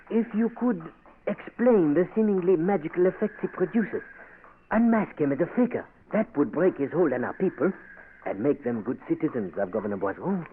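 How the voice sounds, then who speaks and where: An actor playing a suave cynical doctor, old radio. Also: male voice, a little high, close to an everyday voice. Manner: suave, ironic, keeps saying monsieur. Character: cynical male French-educated doctor, smooth aide. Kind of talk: 1940s radio acting. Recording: tinny old radio broadcast with faint hiss.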